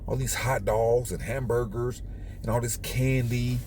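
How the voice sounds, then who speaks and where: A man's voice: mid-range voice, steady tone, a little slow, a little mellow, slight background noise. A man hosting his own channel, lecturing viewers in a preachy, repetitive monologue. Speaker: channel host.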